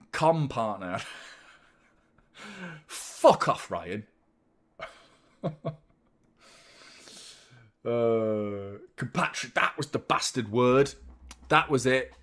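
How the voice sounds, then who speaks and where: A man hosting a live football watchalong, chatting casually with animated, sweary banter. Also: medium pitch, extremely slow, long pauses. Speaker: host of a football fan watchalong.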